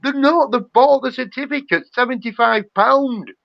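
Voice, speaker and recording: A man's voice: extremely high pitch, normal speed, vocal fry, dry recording, dull audio. A man on a live chat show, ranting profanely in a heated, fired-up casual talk.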